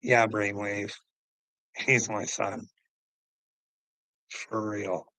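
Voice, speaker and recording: A man's voice: on the low side, little pitch movement, extremely slow, vocal fry, pushed and bright, dry recording, low-quality recording. A man livestreaming to his chat, ranting in a profane, confrontational, goading way.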